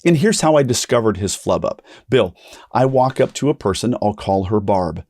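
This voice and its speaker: A man's voice: normal speed, no echo, clean studio sound. A man hosting a ministry podcast, telling a story in a conversational way, restarting sentences and acting out the people he quotes. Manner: animated, acts out quoted voices with big pitch jumps; frequent restarts and repetition. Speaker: podcast host.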